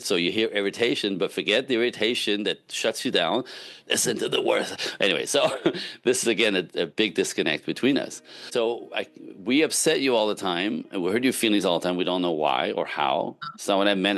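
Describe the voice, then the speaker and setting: A man, a relationship coach speaking as a podcast guest, giving casual but emphatic advice and often checking in with "right?". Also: low-pitched. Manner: emphatic, animated, frequent "right?" tags.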